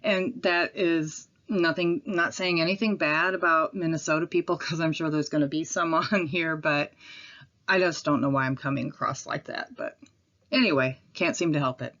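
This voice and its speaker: A woman with a Midwestern accent talks casually into her camera at home. Her voice sits low, and she rambles a little, with pauses and apologies. The recording is dull and lo-fi. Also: fairly even intonation, a bit bright. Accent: Midwestern American. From Midwestern United States. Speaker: vlogger.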